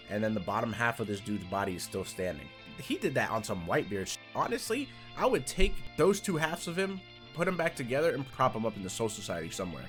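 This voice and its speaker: A young man casually reviewing an anime, talking in animated bursts that jump loud and excited. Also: on the low side.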